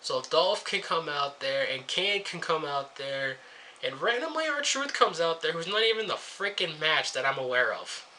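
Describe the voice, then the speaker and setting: A man's voice: a little high, big pitch swings, moderate pace, bright, forceful tone, slight background noise. A young man reviewing a wrestling show in a casual rant, sarcastic and swearing freely as he jumps between topics.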